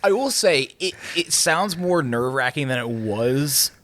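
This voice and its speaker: Animated man telling a story. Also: medium pitch, measured pace, dry recording. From Pennsylvania, United States. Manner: animated, laughs while telling stories, acts out quotes. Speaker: podcast co-host. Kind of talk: casual storytelling chat.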